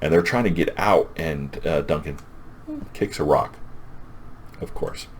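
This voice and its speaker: A man's voice: rumbling low, a little slow, slight background noise. A man casually retelling a comic's plot as a reviewer, rambling and enthusiastic.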